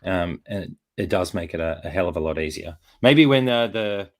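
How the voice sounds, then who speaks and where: While he poses a figure, the host chats casually at a moderate pace, his low voice marked by lively intonation. His talk rambles, with frequent fillers and restarts, and he is recovering from a chest infection.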